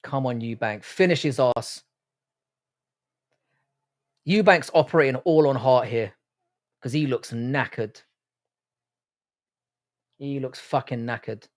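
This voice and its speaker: A man's voice: medium pitch, slow, long pauses. An Irish man hosting a live fight watch-along stream, reacting casually and profanely and reading out chat messages. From Ireland. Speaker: livestream host.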